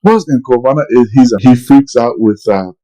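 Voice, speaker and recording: A man's voice: medium pitch, brisk, mellow, poor audio. A middle-aged man casually telling a long story on a podcast, rambling with many restarts and quoted dialogue. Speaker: podcast co-host.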